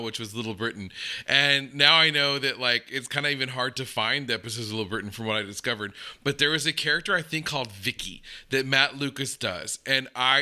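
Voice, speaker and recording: A man's voice: medium pitch, bright, forceful tone. An American man hosting a reaction video, enthusiastic and chatty about the clips. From United States.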